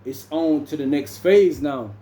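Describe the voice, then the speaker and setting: A man's voice: a little high, unhurried, dark tone, echoey room. A young man, telling a story casually and saying "bro" constantly. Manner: laid-back, says "bro" constantly, acts out other people's lines. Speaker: vlogger.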